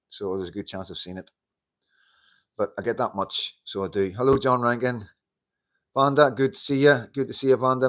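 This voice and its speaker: A man hosting a casual live-stream chat, greeting viewers, laughing often and swearing casually into a handheld mic. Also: medium pitch. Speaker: livestream host. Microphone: handheld wireless mic.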